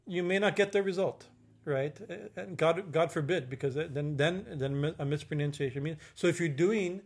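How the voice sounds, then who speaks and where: His voice sits on the high side with a breathy edge as this middle-aged man gives an informal spiritual talk. He speaks in fits and starts, filling gaps with fillers and often asking "right?".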